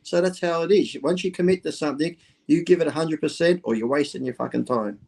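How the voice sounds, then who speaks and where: A man's voice: on the high side, quick pace, vocal fry, darkish tone. A man from Australia talking bluntly on a podcast, cursing freely. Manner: blunt and profane, talks in plain everyday terms. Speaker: podcast guest. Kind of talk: casual chat.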